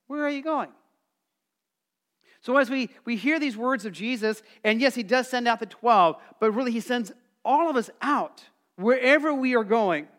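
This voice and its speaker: Middle-aged male pastor, high and animated, chatty sermon delivery. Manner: conversational, animated, acts out quotes; calls for congregation responses.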